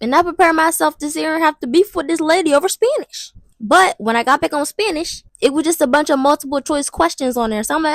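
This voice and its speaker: A woman's voice: high voice, fast, dry recording. A young woman telling a dramatic, slangy storytime vlog. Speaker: vlogger. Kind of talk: casual storytime monologue.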